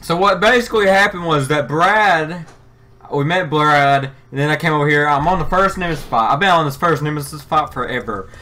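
A man giving let's play commentary, excitable, yelping and shouting at the game with mild swearing. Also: on the high side, brisk. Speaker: gamer. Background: faint music.

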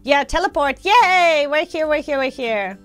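A woman with a scratchy throat, hosting a casual let's-play chat with excitable squeals. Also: high-pitched, unhurried, soft background music. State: scratchy throat, coming down with a cold. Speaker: gaming channel host.

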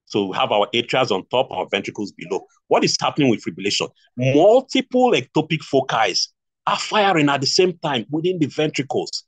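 A man's voice: mid-range voice, animated, fast talker, few pauses, a bit bright, slightly rough, no echo. A man with a Nigerian accent teaching a nursing exam review class, repeating key points and asking rhetorical questions. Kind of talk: online lecture. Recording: dull lo-fi stream audio.

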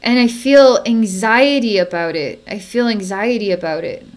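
Woman psychic, halting energy-healing narration, fillers and restarts, soft chuckles, medium pitch. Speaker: psychic healer.

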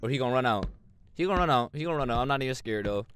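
Man, horror game let's play, slangy banter, sudden shouts, lively pitch, background noise. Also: rapid-fire. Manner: excitable, swings from mumbling to shouting, slangy banter. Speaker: gamer playing a horror game.

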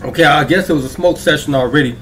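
A man's voice: a little high, quick pace, a bit bright, soft background music. A man hosting a reaction video, talking casually and often checking in with viewers. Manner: chatty, keeps checking in with viewers. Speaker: YouTube reaction host.

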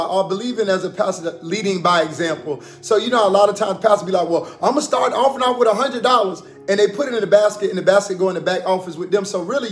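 Male pastor, high and fervent, livestream preaching, roomy sound, music behind. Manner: fervent, repetitive, frequent amens and hallelujahs. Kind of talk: livestreamed preaching and offering appeal.

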